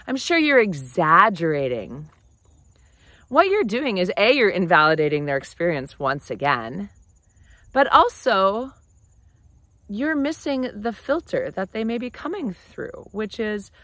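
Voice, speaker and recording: A woman hosting a casual advice talk to camera, conversational and animated. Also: medium pitch, measured pace, no room sound. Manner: animated, conversational, often acts out quoted phrases. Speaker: relationship advice host.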